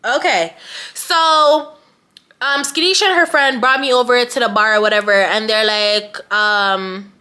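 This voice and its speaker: Young woman, casual storytime, chatty, slangy, animated, bright tense voice. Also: fairly high pitch, a little slow.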